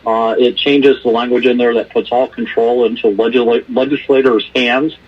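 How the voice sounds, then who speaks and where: A man's voice: mid-range voice, little pitch movement, moderate pace, husky. A man calling in to testify at a hearing, speaking earnestly and firmly with some stumbling restarts. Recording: muffled phone line.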